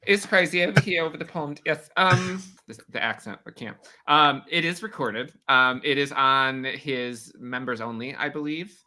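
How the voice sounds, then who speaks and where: Guy on a podcast gushing about stuff, bright sound, rambly. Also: mid-range voice, moderate pace, hardly any pauses. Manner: enthusiastic and rambling. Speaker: podcast co-host. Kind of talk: casual podcast chat.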